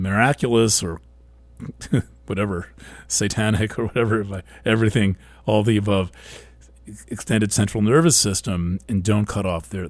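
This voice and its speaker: A man with a low voice talks gently and close into a broadcast microphone, musing aloud at his own pace. He stumbles and restarts his words often. The sound is dry and close, with no room around it. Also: no room sound. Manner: soft-spoken, halting with frequent restarts. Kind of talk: reflective monologue.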